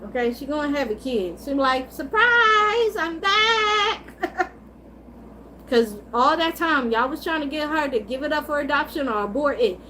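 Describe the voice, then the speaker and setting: A high-pitched woman hosts a casual livestream, answering her chat as she gossips about soap operas. She is animated, swears freely and laughs often. A faint hiss sits behind her voice. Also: normal speed, low-quality recording. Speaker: livestream host.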